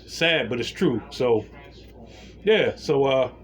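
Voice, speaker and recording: A man telling a story in a casual rant, blunt and slangy, with lively retellings. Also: medium pitch, slow.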